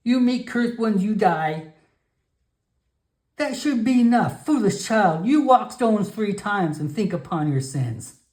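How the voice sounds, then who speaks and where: A man's voice: high-pitched, expressive, slow, darkish tone, voice pushed up. A man voicing a stern old female frog-folk shaman who scolds in broken, clipped speech. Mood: scolding. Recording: echoey room.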